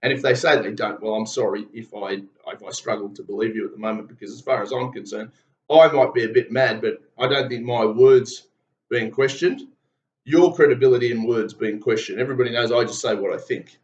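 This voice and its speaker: A man's voice: medium pitch, brisk. A man with an Australian accent delivering heated, blunt and profane political commentary. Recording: roomy, dull lo-fi sound.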